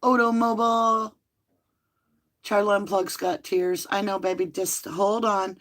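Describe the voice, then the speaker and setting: A woman's voice: medium pitch, steady tone, normal speed, a bit bright. A woman hosting a livestream, reading a court ruling aloud from a room at home and breaking off to talk to her viewers by name. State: out of breath.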